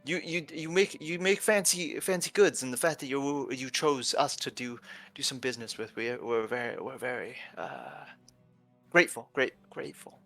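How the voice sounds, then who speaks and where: A man voicing a humble, grateful goblin trader who speaks haltingly. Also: mid-range voice, a bit bright, no echo, soft background music, close to an everyday voice. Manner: fawning, hesitant.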